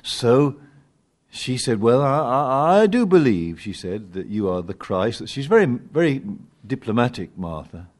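Older male preacher, animated and lively. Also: medium pitch, a little slow. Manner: animated preaching, rising loud on key words, dropping to quiet asides. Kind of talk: sermon.

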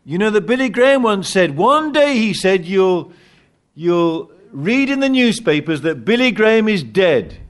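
An older man preaching a sermon, swinging from loud emphatic lines to quiet asides. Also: sits high, measured pace. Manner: animated preaching, rising loud on key words, dropping to quiet asides.

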